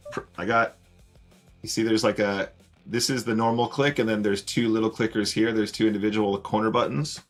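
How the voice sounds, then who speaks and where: Chatty man streaming poker, low voice. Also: fairly even intonation, brisk, soft background music. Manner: chatty, greets viewers while playing. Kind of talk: casual live-stream commentary.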